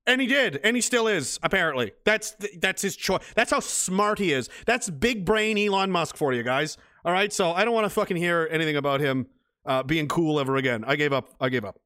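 A man with a high, bright, forceful voice rants through a livestream, reading viewer comments and swearing hard. His tone is blunt and angry throughout, and the sound is close and dry. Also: expressive, brisk, no room sound. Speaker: livestream host reading chat. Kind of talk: profane ranting commentary.

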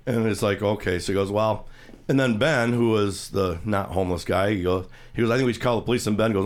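On a studio mic, a radio host with a fairly low voice talks fairly quickly as he casually recounts a TV scene. He rambles through the story and performs the voices of the people he quotes.

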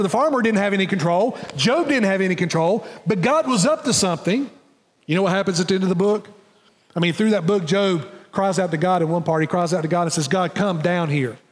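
A man with a high voice preaches in a church, his words carried by a long hall reverb. He swings from hushed, low phrases to loud, emphatic questions. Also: slightly rough. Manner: emphatic preacher, drops soft and rises loud. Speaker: pastor. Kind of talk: sermon. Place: church sanctuary.

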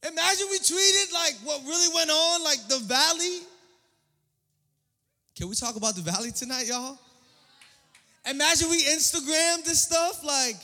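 A young male pastor delivers a sermon with a bright, high-pitched voice. He talks in loose slang, repeats his lines and swings from hushed to shouted passages. The sound carries a long reverb from the church hall. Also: expressive, moderate pace. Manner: casual slang, repeats phrases.

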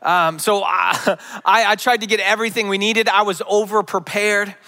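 A man in his thirties preaches a sermon and draws on a personal story. His voice sits high and sounds bright and forceful. He often repeats a word before moving on. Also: steady tone, moderate pace. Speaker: pastor.

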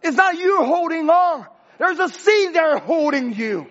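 A man preaching a sermon as pastor, impassioned and rising to shouts, with broken grammar. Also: very high-pitched, expressive, measured pace, dull audio.

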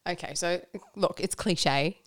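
A woman guest talks candidly and reflectively about her faith in a casual conversation, often laughing and leaning on fillers. Her voice is on the low side, recorded at studio quality with no room sound.

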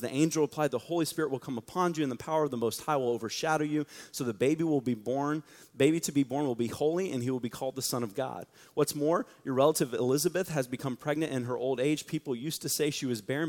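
A man preaching to a young church audience in a joking, energetic storytelling way. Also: mid-range voice. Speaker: youth pastor. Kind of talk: sermon. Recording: long reverb of a large hall.

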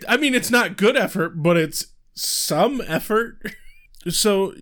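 A man co-hosting a podcast, chatty and quick to laugh while recapping an episode. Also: high voice. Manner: chatty, laughs often, animated. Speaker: podcast co-host. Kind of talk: casual chat recapping a TV episode.

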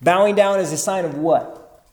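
A man with a high-pitched, darkish voice teaches a group a Bible lesson at a moderate pace. He reads scripture aloud and quizzes the listeners, repeating each answer he hears.

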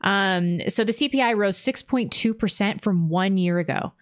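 A woman co-hosting a podcast, giving blunt, wry commentary and reading out figures briskly. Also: medium pitch. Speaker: podcast co-host. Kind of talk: casual political commentary.

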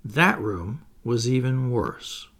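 A man narrates a classic novel in the first person, at a measured pace. His voice is gravelly, and his intonation moves widely through each sentence. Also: mid-range voice, animated, a bit bright. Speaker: audiobook narrator. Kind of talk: audiobook reading of a classic novel.

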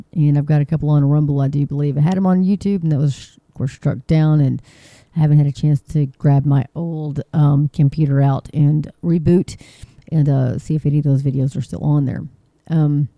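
A woman's voice: deep voice, warm tone, no room sound, lo-fi sound. A woman hosting her own online channel, reading a news article aloud in casual commentary, with frequent ums, restarts and indignant asides. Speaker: online video host.

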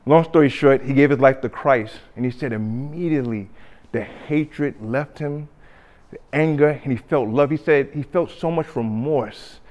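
A man preaching a sermon, telling a story with acted-out quotes and swings between loud and hushed delivery. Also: mid-range voice, normal speed, lo-fi sound. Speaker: pastor.

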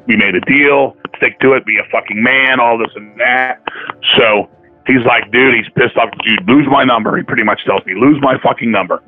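A man telling stories in a casual chat, profane and animated, acting out the dialogue of the people he quotes. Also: mid-range voice. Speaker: podcast guest, metal musician. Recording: tinny phone-line audio.

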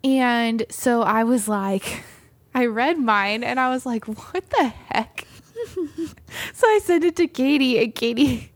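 A woman's voice: fairly high pitch, slow pace, no room sound. A woman co-hosting a podcast, telling stories in a casual chat, laughing often and reading passages aloud. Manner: giggly storyteller, reads aloud and mimics friends. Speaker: podcast co-host.

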